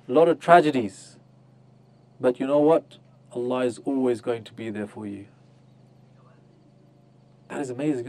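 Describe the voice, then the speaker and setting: A man's voice: fairly high pitch, darkish tone, no room sound. A man giving an interactive religious lecture, asking his listeners questions and acting out little scenes to make his points. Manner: questions the audience, acts out voices of mothers. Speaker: Islamic teacher. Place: on a group pilgrimage tour.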